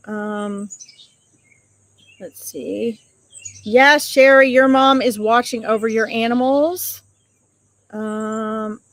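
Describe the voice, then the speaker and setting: A woman hosting a psychic live stream outdoors, chatting casually and affectionately as she reads out viewer comments and greets them with pet names. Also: on the high side.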